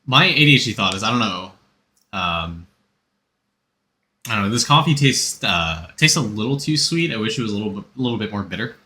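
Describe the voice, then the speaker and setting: A man's voice: fairly low pitch, lively intonation, a little fast, bright, forceful tone. A man streaming a game, chatting casually and rambling as he answers chat and gives game tips.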